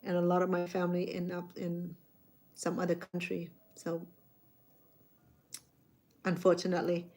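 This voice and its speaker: A woman's voice: lowish voice, monotone, moderate pace, long pauses, a little mellow. Middle-aged woman, loose rambling personal storytelling. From Cambodia. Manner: rambling, repeats words and restarts, non-native grammar. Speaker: chef.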